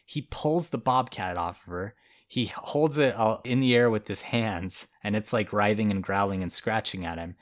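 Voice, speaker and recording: Podcast co-host, male, easygoing storyteller, low-ish voice, chatty with fillers. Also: moderate pace. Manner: storytelling, laughs often, casual filler words. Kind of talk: casual chat.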